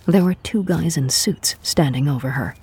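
Gravelly, husky audio-drama narrator. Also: mid-range voice, normal speed. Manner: steady storytelling, voicing every character.

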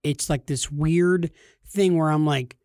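Man, thirties, casual comic storytelling, rambling, self-deprecating, slightly high voice, dry sound. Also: fairly even intonation, takes it slowly, a little mellow, no echo. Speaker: host telling a story.

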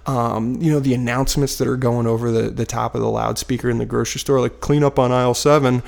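A man in his thirties tells a story from his couch at home, with a gravelly voice and a mid pitch. He rambles in a casual, self-deprecating way, full of fillers and restarts. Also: level tone, quick pace, a little mellow. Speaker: vlogger telling a personal story. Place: living room couch at home, dog barking nearby.

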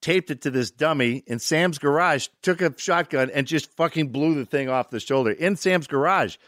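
An older actor, guesting on a podcast, tells casual stories in a fairly high voice at normal speed, swearing freely and animatedly acting out other people's lines with shouts and mimicry. The studio-quality recording has no room sound.

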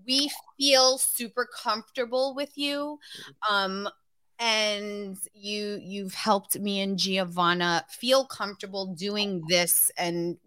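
A woman's voice: medium pitch, fairly even intonation, slow, sharp tone, clean tone, dry recording. A woman co-hosting a podcast, chatting bubbly and crude with her friends. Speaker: podcast co-host. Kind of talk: casual podcast chat.

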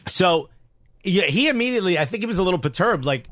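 A man with a New York accent, a comedian co-hosting a podcast and telling an excited, slangy story in casual chat. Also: high voice, fast talker, dry recording.

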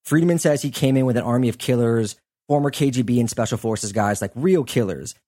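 Guy hosting a podcast, chatty storytelling, mid pitch, lots of "like" and "you know". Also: brisk, warm tone. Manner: conversational, loose, lots of fillers. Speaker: podcast host; sports journalist. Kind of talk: casual storytelling chat.

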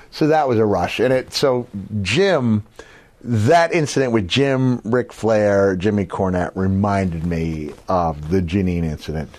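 Middle-aged male podcast co-host, low voice, loose storyteller who does the voices of people he quotes. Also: takes it slowly, a little mellow. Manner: rambling anecdotes with many uh fillers, acts out quoted voices. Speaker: podcast co-host, former wrestler. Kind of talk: casual storytelling chat.

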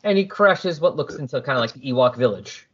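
Speaking fast at a medium pitch, this podcaster recaps a story in a relaxed, jokey way. He performs the characters' lines with plenty of animation, though the audio comes across dull.

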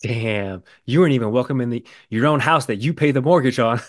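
A man's voice: mid-range voice, fairly quick. A man co-hosting a podcast, bantering in a laid-back, joking way. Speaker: podcast co-host. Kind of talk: casual chat.

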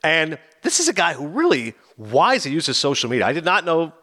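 Quick animated guy on a talk show, voice a bit high, jumps around a lot. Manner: animated, acts out scenes with quoted voices. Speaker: film reviewer on a talk show. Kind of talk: casual chat.

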